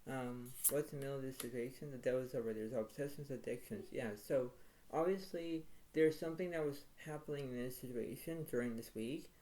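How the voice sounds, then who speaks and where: A man's voice: medium pitch, a little fast, warm tone, low-quality recording. A man giving a weekly tarot reading, rambling and repeating himself as he names each card. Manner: rambling, repetitive, filler-heavy.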